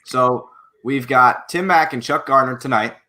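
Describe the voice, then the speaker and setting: Bright-voiced male host explaining plainly. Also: medium pitch, measured pace. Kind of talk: casual hosting.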